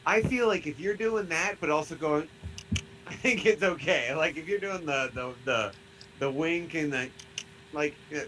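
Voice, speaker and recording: Casual Midwestern male podcast co-host, rambly and giggly, mid-pitched, faint room hiss. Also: a little slow, fairly bright tone, poor audio. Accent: Midwestern American. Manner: rambling, laughing, lots of fillers.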